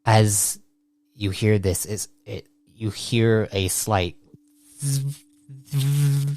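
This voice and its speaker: A man narrating as game master, slowly and loosely, often restarting his sentences. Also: lowish voice, fairly even intonation, a little mellow, no echo. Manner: slow, with restarts and hedging "like".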